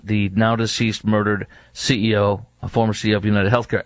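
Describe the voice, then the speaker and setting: Male commentator, mid-pitched, indignant and mocking, dry close sound. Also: a little fast, dry recording. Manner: indignant, mocking, repetitive rhetorical questions; frequent fillers and restarts. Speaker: political commentator. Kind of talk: casual opinion commentary.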